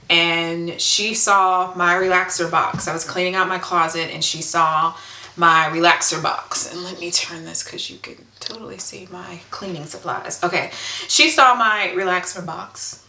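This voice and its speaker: A woman's voice: lowish voice, bright, forceful tone. Earnest woman telling a hair story. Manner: earnest, emotional, reads from notes, many ums. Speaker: hair vlogger. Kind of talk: casual storytime vlog. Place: indoor room at home. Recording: echoey room.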